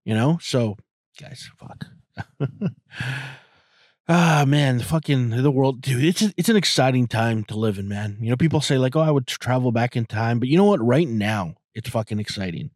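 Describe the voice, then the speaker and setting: A man in his forties talks in a loose, rambling podcast monologue, swearing and piling up fillers. His voice sits at an ordinary pitch, and the recording is dry and close with no room sound around it. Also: lively intonation, normal speed, a little mellow, dry recording. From outside the US. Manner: rambling, profane, full of fillers. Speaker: podcast host. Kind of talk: casual monologue.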